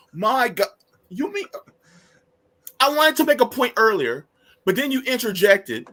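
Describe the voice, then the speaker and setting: A man's voice: very high-pitched, sing-song, measured pace, pauses often, pushed and bright. A man hosting a casual conversation, reacting in a theatrical, exclamatory way. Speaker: host.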